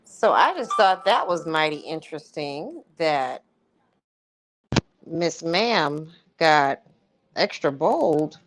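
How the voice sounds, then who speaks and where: A woman's voice: low-pitched, very animated, slow, pauses often, slight background noise. A woman hosting a casual livestream, commenting in a chatty, rambling and emphatic way. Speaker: YouTube commentator.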